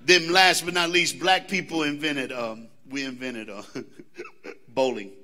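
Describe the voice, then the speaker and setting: A motivational speaker from the American South, a man with a Southern accent and a mid-range, slightly slow voice, addresses students at a school assembly. He's animated and works the crowd live, calling out questions to them.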